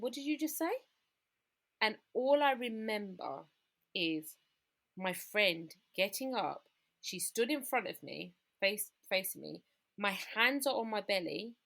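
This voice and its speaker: A woman's voice: mid-range voice, vocal fry, pushed and bright. A woman, telling her personal story as a guest in an interview, candid and full of quoted dialogue.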